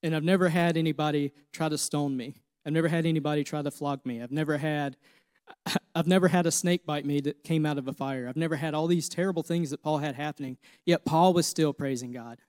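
Thirty-something guy preaching, kinda high voice, super dry close sound, gets fired up telling his story. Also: steady tone, brisk, no room sound. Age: 30s. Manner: personal testimony, grows emotional and louder. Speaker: pastor. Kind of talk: sermon. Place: church.

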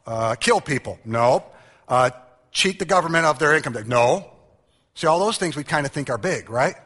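A man preaching a sermon, reading scripture quietly and then calling out to the congregation with animated emphasis. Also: fairly high pitch, normal speed, slightly rough, long reverb tail. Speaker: pastor.

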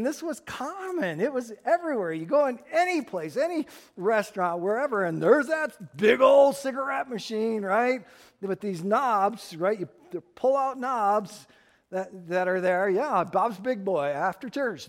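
A man, preaching a sermon and telling stories with acted-out voices. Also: fairly high pitch. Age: 60s. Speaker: pastor.

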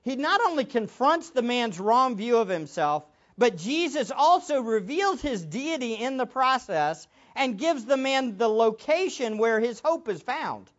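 A man's voice: extremely high pitch, sing-song, measured pace, hardly any pauses, lo-fi sound. A man preaching a sermon as a pastor, emphatic, with much repetition for stress.

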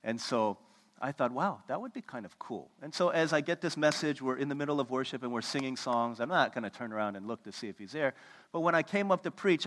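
Animated pastor preaching in a church hall. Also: male voice, mid-range voice. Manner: animated storytelling, swings from loud to hushed. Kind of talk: sermon. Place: church sanctuary. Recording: long reverb of a church hall.

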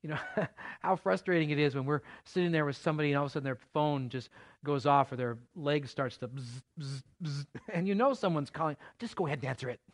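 Man preaching a lively conversational sermon. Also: a little high, quick pace. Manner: conversational preaching with playful asides. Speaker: pastor. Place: church.

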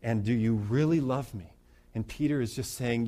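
A man's voice: medium pitch, moderate pace, dark tone. A man pastor preaching through a Bible passage in a conversational way, with restarts and rising emphasis. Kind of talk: expository sermon.

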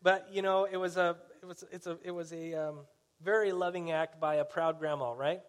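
A pastor preaching a sermon in a conversational storytelling way, often asking the listeners questions. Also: male voice, fairly high pitch, steady tone, normal speed.

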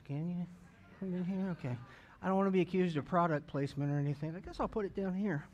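A middle-aged man, an associate pastor in a church, praying and preaching in a folksy, joking way with many restarts. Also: on the high side. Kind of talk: church sermon and prayer. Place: church sanctuary.

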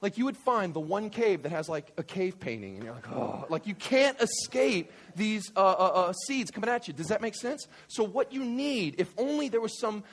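A man preaches a sermon, his voice sitting high and swinging widely in pitch. He slips into quick acted-out bits of everyday chatter and climbs at times into near shouts. He keeps checking in with the room with "right?". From New York. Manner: animated, acts out everyday banter, rising to shouts; repeats "right?" often. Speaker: pastor.

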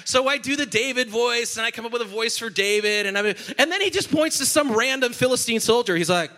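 A senior pastor giving a sermon in church, a man with a high, bright, forceful voice. He tells stories playfully and with lots of animation, drawing the congregation in. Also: animated, fairly quick.

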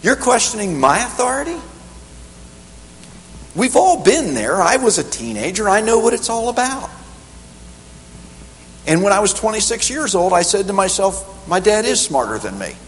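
A middle-aged man preaching a sermon in a church hall, emphatic and animated, climbing higher on the key points. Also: normal speed. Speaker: pastor. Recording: echoey hall with faint hum.

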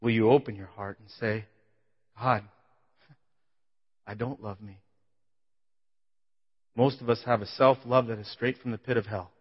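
A man preaches a personal testimony in a sanctuary, rising to loud, pleading peaks and falling back to a near hush. His voice rings out with a long reverb tail in a large hall, and the recording sounds muffled and dull. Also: steady tone, unhurried, pauses often, breathy edge. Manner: emotional testimony, voice swelling then dropping low. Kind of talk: sermon.

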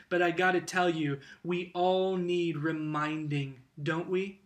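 Emphatic preacher, high bright voice. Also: male voice, steady tone, unhurried, hardly any pauses. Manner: emphatic, rhetorical questions, swings from loud to hushed. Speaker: pastor. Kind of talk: sermon.

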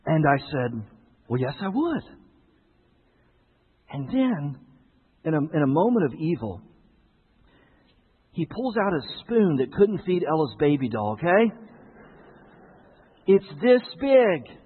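A man's voice: a little high, very animated, unhurried, pauses often, breathy edge, long reverb tail, phone-quality sound. A male pastor preaching a sermon, telling stories with jokes for the congregation.

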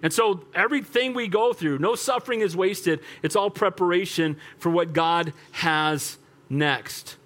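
An older male pastor preaches with a high-pitched voice that swings up and down. His delivery is animated and storytelling, and he punctuates points with calls for an amen. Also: measured pace. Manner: animated, rhetorical, calls for amens. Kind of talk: sermon.

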